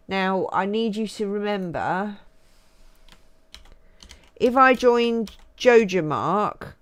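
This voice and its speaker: Chatty woman streaming a game. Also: fairly low pitch. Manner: chatty, laughing, relaxed. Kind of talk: cosy game livestream chat.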